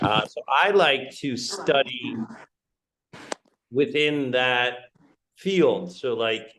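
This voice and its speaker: A man's voice: medium pitch, lively intonation, unhurried, a bit bright, slight background noise, low-quality recording. A man teaching English in a live-streamed online lesson, talking conversationally, checking in with "right?" and greeting viewers by name as they join. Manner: conversational, keeps asking "right?".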